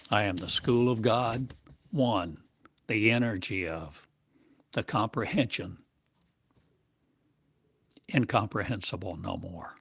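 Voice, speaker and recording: A man as a spiritual teacher, delivering a channeled monologue in slow, halting, cryptic phrases. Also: lowish voice, a bit bright, breathy edge. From United States.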